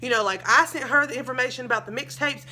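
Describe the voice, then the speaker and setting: A young woman tells a storytime to her viewers. Her voice sits high and bright, and she talks in a chatty, dramatic way, calling her audience y'all. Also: quick pace. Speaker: vlogger. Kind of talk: storytime vlog.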